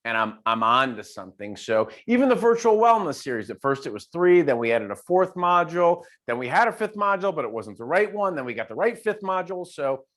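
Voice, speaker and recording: A male keynote speaker being interviewed over a video call. He talks in an animated, storytelling way, repeating words and restarting sentences as he goes. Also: a little high, brisk, hardly any pauses. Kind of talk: casual conversational interview.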